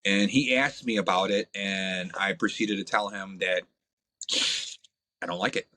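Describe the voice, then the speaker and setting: A man's voice: lowish voice, a little slow, rough recording. Blunt, foul-mouthed man telling stories. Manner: blunt, crude, animated with frequent fillers. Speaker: podcast guest. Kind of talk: profane casual storytelling.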